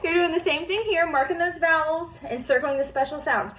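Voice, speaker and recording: Warm-hearted woman teacher, high voice, patient and encouraging, slow sounding-out of words for small children. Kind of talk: remote phonics lesson for young children.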